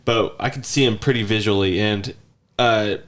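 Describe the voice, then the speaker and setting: A man's voice: fairly low pitch, fairly even intonation, normal speed, a bit bright, a little hiss or hum. A man in his thirties telling rambling stories in casual podcast chat, sometimes mimicking a child's whiny voice. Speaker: podcast host.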